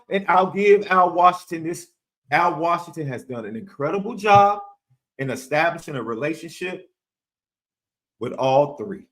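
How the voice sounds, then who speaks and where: Podcast co-host, male, high and lively voice, hammers points home with repetition. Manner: emphatic, repeats phrases for effect, pleading and preachy. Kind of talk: animated sports talk.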